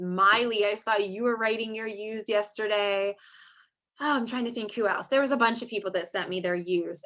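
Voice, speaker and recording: Woman, preschool teacher on a video call; bright, clear tone, exaggerated sing-song delivery. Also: mid-range voice. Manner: sing-song, drawn-out teacher talk for young children. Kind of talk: online small-group phonics lesson. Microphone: screen-share video call.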